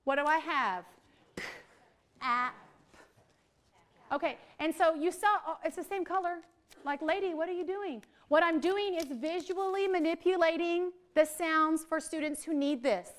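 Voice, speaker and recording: A woman's voice: extremely high pitch, unhurried. A woman leads a workshop for teachers. She talks playfully, jokes with the room and draws out single speech sounds. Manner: playful, joking with the audience, drawing out sounds. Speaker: literacy trainer presenting to teachers. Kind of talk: live workshop presentation. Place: training room with a live audience.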